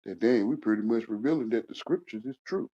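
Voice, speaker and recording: A man's voice: lowish voice, fast. Ranting man with dull lo-fi sound. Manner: repetitive, confrontational, swings from shouting to muttering. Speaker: panel speaker. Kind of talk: heated casual rant.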